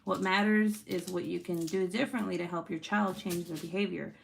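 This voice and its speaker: Blunt, swearing young mom vlogging at home. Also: female voice, fairly low pitch, fairly even intonation, brisk, creaky, slight background noise. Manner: blunt, swears freely, laughs often, breaks off to scold her kids. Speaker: vlogger and mother. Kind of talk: casual talking-to-camera vlog. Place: at home, with children nearby.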